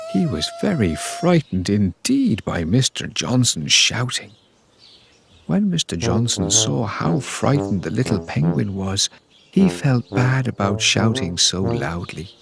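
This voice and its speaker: A man's voice: medium pitch, gravelly. Sing-song male storybook narrator. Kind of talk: scripted children's storybook narration.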